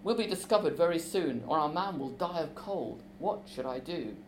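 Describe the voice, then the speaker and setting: A woman reading aloud as a teenage boy, pressing urgently in a low, hushed voice. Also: lively intonation, moderate pace, a little hiss or hum, rough recording.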